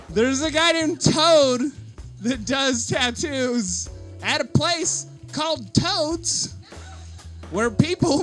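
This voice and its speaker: A young man telling a funny story on stage to a live audience, animated and giggly, full of likes and uhs. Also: sits high.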